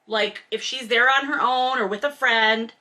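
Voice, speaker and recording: Bright, sarcastic woman roasting a novel. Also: on the high side, fairly even intonation, moderate pace. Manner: sarcastic, mocking asides and exasperated rants. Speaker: host reading and commenting on a novel. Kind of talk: comedic book commentary.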